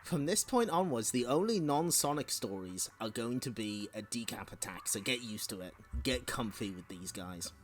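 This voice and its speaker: A chatty male streamer reading comics aloud to his viewers, breaking off for playful asides and frequent laughter. His pitch moves around a lot. Quiet music sits faintly in the background. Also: expressive, moderate pace, few pauses. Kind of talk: casual live-stream read-along.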